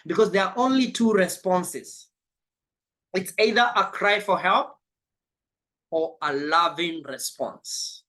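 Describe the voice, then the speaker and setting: A man's voice: high-pitched, slow, pauses often, bright, forceful tone. A man giving a motivational life coaching session, emphatic and spiritual, repeating his key phrases.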